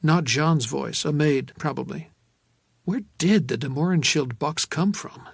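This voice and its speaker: Guy reading an audiobook, dry close sound, slightly high voice, wry and measured. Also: gravelly, husky, no room sound. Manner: measured, wry, low-key. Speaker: audiobook narrator. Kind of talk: scripted first-person audiobook narration.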